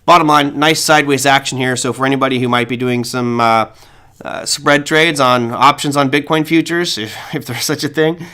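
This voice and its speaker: A man's voice: mid-range voice, fairly even intonation, moderate pace, bright, forceful tone. A man hosting a trading show, walking through charts in casual, emphatic live market commentary with exclamations and asides.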